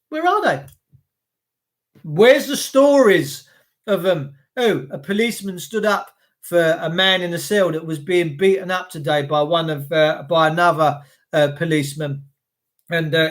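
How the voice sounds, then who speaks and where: English bloke going off on a rant, sweary, keeps asking where are they. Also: male voice, high-pitched, a bit bright. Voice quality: coarse, sweary. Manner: indignant, repetitive rhetorical questions. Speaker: commentator. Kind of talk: ranting monologue.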